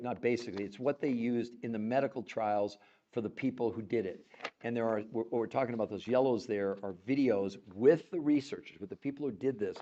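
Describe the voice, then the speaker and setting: A man hosting a live stream, chatting with viewers and greeting them by name in an excitable, animated way, laughing often. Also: medium pitch, lo-fi sound. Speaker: livestream host. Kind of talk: enthusiastic live-stream chat.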